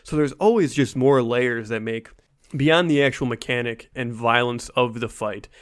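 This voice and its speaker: A man co-hosting a podcast, explaining in relaxed casual chat with many fillers. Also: mid-range voice, moderate pace. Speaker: podcast co-host.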